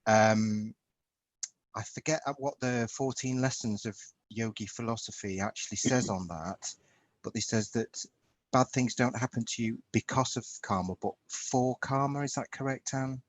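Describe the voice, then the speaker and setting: A man speaking as a guest over a video call, thoughtful and hesitant, pausing to search for words. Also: medium pitch, poor audio. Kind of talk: live-stream discussion.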